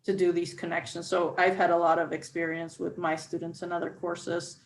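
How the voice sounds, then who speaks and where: A woman's voice: on the low side, monotone, a little fast, creaky, poor audio. A woman faculty member speaking on a panel discussion, explaining at length with frequent restarts and fillers.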